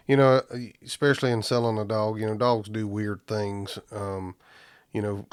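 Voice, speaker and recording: A man hosts a relaxed podcast interview in a low, level voice that stays flat. His voice is smooth and clear, recorded close and dry. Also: no room sound. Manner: easygoing, repeats words while thinking. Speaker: podcast host. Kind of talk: casual interview.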